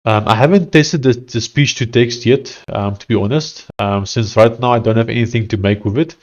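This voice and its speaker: A South African software developer streamer gives casual live-coding commentary, thinking aloud hesitantly and often restarting sentences. His voice sits at medium pitch with a darkish tone, he speaks at normal speed, and the recording is muffled.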